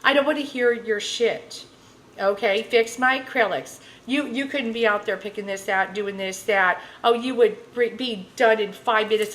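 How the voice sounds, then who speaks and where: A woman's voice: medium pitch, steady tone, normal speed, a bit bright, low-quality recording. Rambling woman tarot vlogger. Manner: rambling, heavy with filler phrases, blunt. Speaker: tarot reader. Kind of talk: casual rambling rant to camera.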